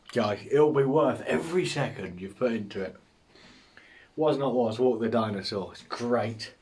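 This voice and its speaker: A man's voice: medium pitch, a little mellow. Sarcastic man ranting live. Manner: sarcastic, ranting, swears freely. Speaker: host answering viewer questions. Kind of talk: casual live Q&A chat.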